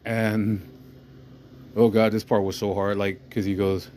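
A man's voice: on the low side, little pitch movement, a little slow, darkish tone, slight background noise. A man casually retelling a movie plot as a podcast host, rambling and swearing, often asking "you know what I mean".

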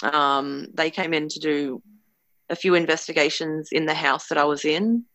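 Woman telling her own story, bright crisp voice, dry close sound, kinda hesitant and earnest. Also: deep voice, normal speed, no echo. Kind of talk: personal storytelling.

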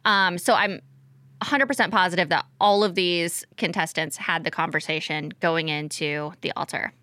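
A woman's voice: fairly low pitch, fairly even intonation, normal speed, sharp tone, dry recording. A woman co-hosting a casual podcast chat, chatty and laughing lightly mid-sentence. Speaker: podcast co-host.

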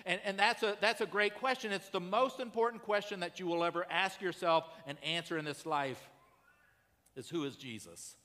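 Male pastor, conversational sermon delivery that builds to urgency, bright timbre, long hall reverb. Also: high voice, normal speed. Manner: conversational preaching, rising to urgent emphasis.

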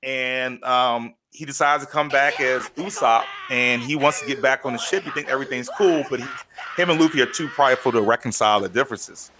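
A man's voice: mid-range voice, fairly quick, noisy background. A man co-hosting a podcast, chatting casually and retelling stories with lots of fillers, choked up and near tears. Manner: animated storytelling with many fillers. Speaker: podcast co-host. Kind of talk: casual chat.

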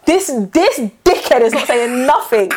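A woman's voice: sits high, lively intonation. A young woman chatting casually as a podcast co-host. She acts out imagined scenes and fills her talk with "like". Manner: quick, acts out imagined scenes, many likes. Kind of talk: casual chat.

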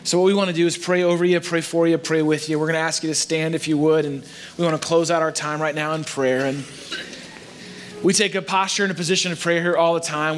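A man's voice: on the high side, a bit bright, a little hiss or hum. Earnest male pastor preaching to a church. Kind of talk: sermon. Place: church sanctuary.

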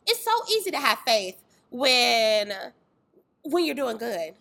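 Young woman telling her faith story, super expressive, bright voice swooping all over. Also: on the high side, takes it slowly, creaky. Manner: lively storytelling with acted-out voices and exclamations. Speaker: fitness trainer and dance tour organizer. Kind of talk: candid faith testimony in casual conversation.

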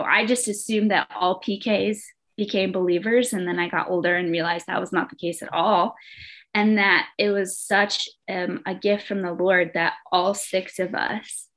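A woman's voice: mid-range voice, a bit bright. Earnest woman sharing her story. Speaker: podcast guest. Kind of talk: personal testimony in conversation.

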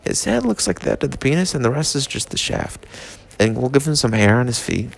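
A man's voice: medium pitch, fairly quick, creaky. A drunk, stoned man rambling through a comedy monologue, slurred and swearing. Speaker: comedic vlogger.

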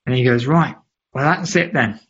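A man, a podcast guest, telling a story with lively emphasis and acting out the voices of people he quotes. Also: medium pitch, moderate pace, slightly rough, dull audio. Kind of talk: animated storytelling in a podcast interview.

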